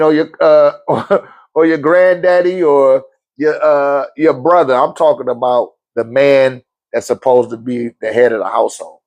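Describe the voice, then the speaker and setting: A man hosting a casual Q&A, telling a story bluntly with lots of swearing and frequent laughter. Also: medium pitch. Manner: blunt, profane, laughs often, lively swings. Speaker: host.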